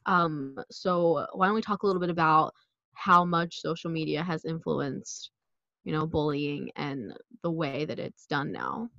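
A young woman from South Philadelphia chats on a podcast, quick and loose with her fillers. Her voice sits a little low. The recording is dry and a bit dull, like a budget mic. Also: gravelly, fairly bright tone, dry recording. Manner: chatty, quick, filler-heavy. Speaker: podcast co-host. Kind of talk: casual podcast chat.

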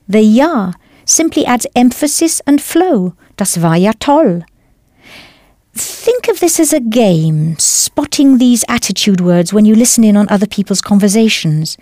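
A woman leading a scripted audio language lesson with clear, encouraging instruction. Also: medium pitch, warm tone, dry recording, studio quality. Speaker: language course teacher.

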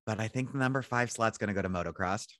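A man's voice: on the low side, quick pace, fairly bright tone, dry recording, clean studio sound. A man co-hosting a podcast, chatting casually and joking around. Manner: playful, jokey. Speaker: podcast co-host.

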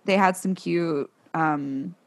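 A woman's voice: lowish voice, slow pace. A young woman co-hosting a podcast, chatting casually about a book, swearing and laughing often. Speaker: podcast co-host.

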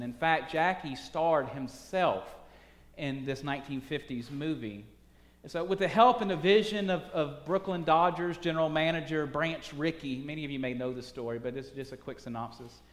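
A male preacher telling a story in his sermon, often restarting his phrases and swinging between quiet and loud delivery. His voice sits slightly high and rings through a large church hall with a long reverb.

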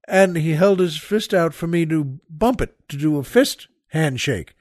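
Older male host, halting storyteller, slightly high voice, dry studio sound. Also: expressive, darkish tone, no echo. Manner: rambling, halting, with many restarts and asides to the listener. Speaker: podcast host. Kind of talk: casual storytelling monologue.

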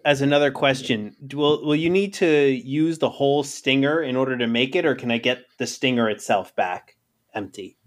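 A man playing a character in a tabletop game, shopping for potions. He talks in hesitant bursts full of ums and uhs. His voice is mid-pitched and plain. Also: moderate pace. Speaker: player.

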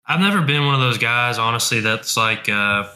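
A man's voice: medium pitch, expressive, moderate pace, pushed and bright. A young man co-hosting a comedy podcast, chatting casually and rambling, prone to stuttering when flustered. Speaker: podcast co-host.

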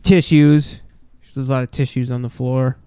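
A man's voice: mid-range voice, fairly even intonation, moderate pace, warm tone, smooth, no room sound. A man co-hosting a podcast in casual banter, crude and jokey, swearing often and slipping into silly voices. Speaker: podcast co-host.

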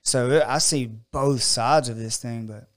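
Smooth-voiced man. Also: medium pitch, unhurried. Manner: earnest, chatty, interjects with agreement. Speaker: gym owner. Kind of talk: casual conversation.

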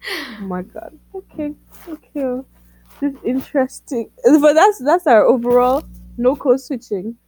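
Young woman cohost chatting on a podcast, laughs a lot, kinda high voice, dry sound. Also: expressive, measured pace, mellow, breathy edge, no echo. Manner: laughs often, exclaims "oh my God". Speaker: podcast co-host. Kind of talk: casual chat.

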